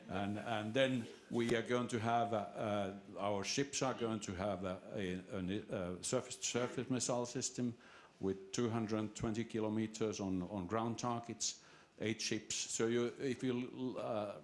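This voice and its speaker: A man asking a long, halting question from the floor at a seminar, full of restarts and fillers. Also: lowish voice, fairly even intonation. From Finland. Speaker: audience member asking a question.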